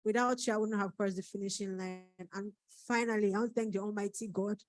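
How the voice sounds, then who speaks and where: A woman's voice: mid-range voice, steady tone, quick pace, no echo, rough recording. A woman from Nigeria, an author giving an emotional thank-you speech at her book launch, fighting back tears. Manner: tearful, holding back crying.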